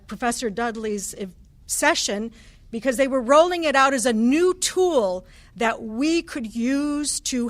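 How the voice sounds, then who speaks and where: High-voiced woman giving a lecture. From United States. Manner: conversational academic, with fillers and restarts. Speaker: guest speaker, professor of anthropology. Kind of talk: conference lecture. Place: cathedral hall.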